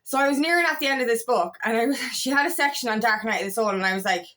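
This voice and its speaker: A woman's voice: on the high side, fast talker, bright, forceful tone. A woman coach in a casual confessional vlog, speaking frankly with plenty of swearing and retelling her own thoughts. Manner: frank and profane, tells stories with self-quotes. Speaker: feminine empowerment coach.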